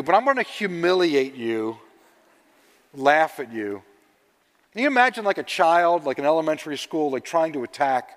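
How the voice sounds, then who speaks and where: A man preaching a sermon, telling stories and swinging between loud emphasis and hushed asides. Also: on the high side. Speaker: pastor. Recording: long reverb of a large hall.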